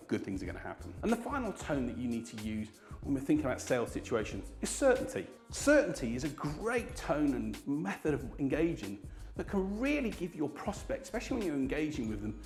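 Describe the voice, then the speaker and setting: Sales trainer with lively pitch. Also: male voice. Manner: demonstrates tones by acting out sample lines. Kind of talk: instructional talk to camera. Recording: roomy sound with faint music.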